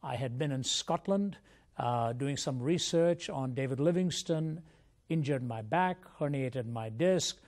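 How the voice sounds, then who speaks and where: Gravelly older man telling his story. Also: medium pitch, expressive, darkish tone. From India. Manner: reflective storyteller, measured and earnest. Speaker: guest, Christian apologist.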